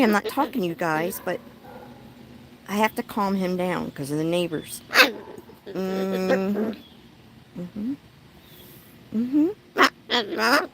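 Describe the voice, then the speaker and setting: A woman's voice: mid-range voice, lively intonation, slow pace, vocal fry, long pauses. A woman from Tennessee chatting casually with her viewers while reading comments outdoors at home, breaking off now and then to soothe a noisy pet bird. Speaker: vlogger with a pet cockatoo. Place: outdoors at home with birds and dogs nearby. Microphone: handheld phone.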